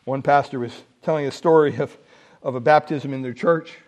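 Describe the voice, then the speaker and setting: A man with a medium-pitched voice preaches a sermon as a pastor at a moderate pace. He tells stories in an animated way, building to emphatic peaks.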